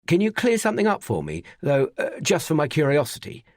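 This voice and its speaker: A man's voice: fairly high pitch, wildly swooping pitch, fairly quick, dry recording, clean studio sound, pitched above the performer's own voice. A man voicing an anxious, insistent young husband in an audiobook, speaking raised and urgent. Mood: pressing. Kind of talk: audiobook character voice.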